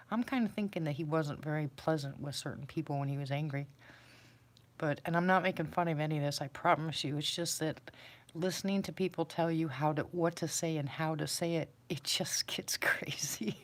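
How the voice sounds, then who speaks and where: A woman with a low, deep-set voice talks casually to her livestream viewers. She rambles and pokes fun at herself in an easygoing, chatty way. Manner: rambling, self-deprecating, chatty. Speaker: livestream host. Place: sitting on a floor indoors.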